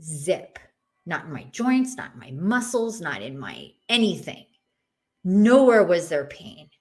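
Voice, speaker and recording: Expressive woman telling a personal story. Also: unhurried. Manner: casual, expressive, acts out voices she heard with shifts in pitch and loudness. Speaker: podcast guest.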